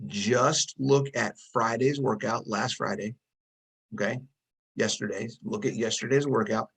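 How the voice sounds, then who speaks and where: A man's voice: mid-range voice, steady tone, a little slow, creaky, fairly bright tone, slightly rough, poor audio. Man coaching in short directives. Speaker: coach and host. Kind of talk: casual video interview.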